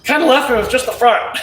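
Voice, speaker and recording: Laid-back guy rambling on a live stream, high voice, faint noise in the back. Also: roomy sound. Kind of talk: casual live-stream chat while doing body work.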